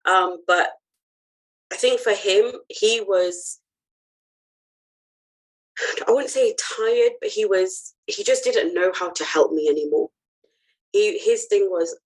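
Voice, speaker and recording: A woman's voice: mid-range voice, slow pace, pauses often, poor audio. A woman guest on a podcast, telling her personal story in an earnest, heartfelt way with frequent ums and restarts.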